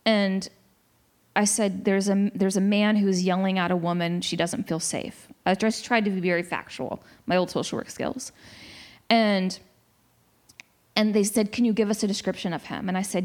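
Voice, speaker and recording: A woman in her forties in a casual discussion, telling a story in an animated way with many restarts. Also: on the low side.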